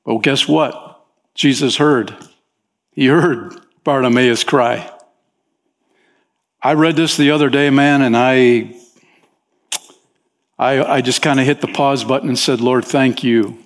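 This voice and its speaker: A man preaching as a pastor, talking with the congregation in an easygoing way and often saying "man", and his pitch rises sharply when he voices desperate pleas. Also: fairly even intonation, slow pace, pauses often. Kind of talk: sermon. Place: church sanctuary. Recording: long hall reverb in a church.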